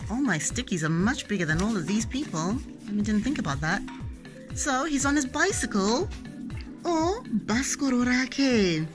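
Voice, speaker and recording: A woman playing pretend with her child, teaching animal names in an animated, playful sing-song way. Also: a little high, moderate pace, music in the background.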